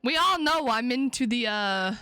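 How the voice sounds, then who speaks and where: Woman streamer, playful, swears a lot, bright fairly high voice, reads game text aloud, faint music behind. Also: expressive, moderate pace, clean tone, dry recording. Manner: playful, joking, swears freely. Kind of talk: casual live-stream chat, reading game text aloud.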